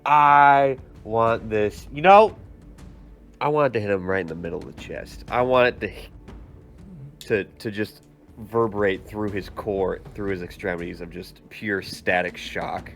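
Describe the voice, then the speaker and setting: A man playing a tabletop game who talks excitably and swears freely. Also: low voice, moderate pace, creaky, soft background music. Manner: excitable, swears, rises from calm to loud. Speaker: player.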